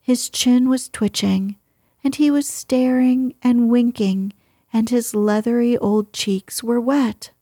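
A woman reading a novel aloud in whispered storytelling, soft and gentle, close to the mic. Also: a little high, steady tone, takes it slowly, dry recording.

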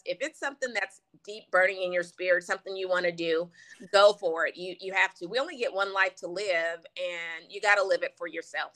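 A woman from Louisiana, a country singer guest, telling her story in a bubbly, animated way. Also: lowish voice. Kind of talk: casual interview chat.

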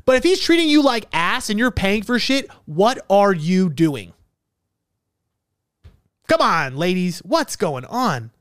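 A man's voice: extremely high pitch, a bit bright, smooth, dry recording, clean studio sound. A young man hosting a casual podcast, reacting to listener comments with profane, emphatic talk. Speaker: podcast host.

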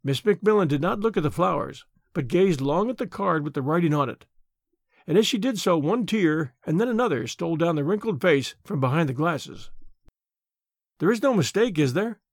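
Male podcast narrator, expressive, lively, fairly high pitch, dry close sound. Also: normal speed, gravelly, no room sound. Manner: expressive storytelling. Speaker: storyteller. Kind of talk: scripted audiobook narration.

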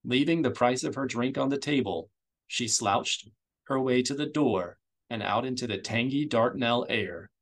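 A man narrating a science-fiction novella as an audiobook reader, in a steady, measured storytelling way. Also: medium pitch. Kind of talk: scripted narration.

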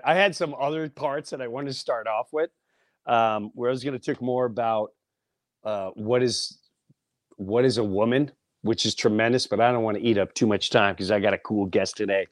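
This middle-aged man hosts a podcast, speaking at a medium pitch over clean studio sound with no echo. Swearing freely and keeping things casual, he recounts something from his own life and animatedly performs the voices of everyone he quotes.

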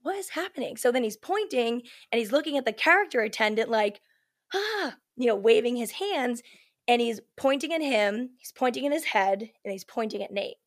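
A woman telling a story as a podcast guest, in a chatty, animated way full of "like" and "you know", acting out what people said. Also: fairly high pitch, brisk. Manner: animated, acts out quoted lines. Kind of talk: casual storytelling chat.

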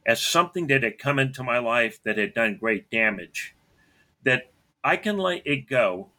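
A middle-aged man telling a personal story bluntly, clearing his throat often between phrases. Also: medium pitch, sharp tone.

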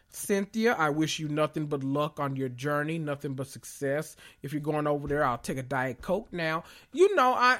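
Man, podcast host, sassy, blunt, dramatic emphasis, fairly high voice. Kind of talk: casual pop-culture commentary podcast.

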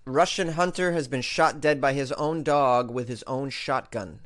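A male host reads strange news items and then jokes about them with playful mock outrage. His voice sits at an ordinary middle pitch. The delivery is a loose, casual comedic commentary. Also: measured pace, few pauses, a bit bright.

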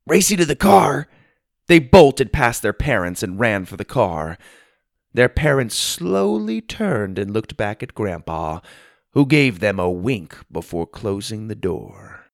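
Man, kids' podcast host, storybook narration, upbeat, animated, dry close sound. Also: on the low side, slow pace, no echo. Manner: upbeat and friendly, shouting out listeners.

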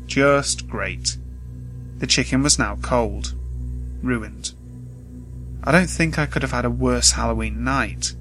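A man reading a scripted first-person horror story in a steady, measured way, with faint music behind. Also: medium pitch, low-quality recording.

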